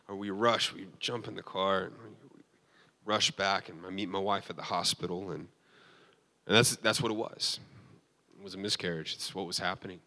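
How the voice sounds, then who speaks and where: A man's voice: sits low, pushed and bright. A man giving a sermon as a pastor, telling an emotional personal testimony with frequent restarts and fillers.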